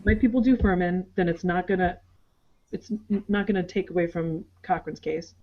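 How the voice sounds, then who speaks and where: A woman co-hosting a casual show recap over a video call, animated and quick to act out people's lines. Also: fairly low pitch, muffled recording, a little hiss or hum. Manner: animated, acts out characters' lines in quick asides. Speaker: podcast co-host.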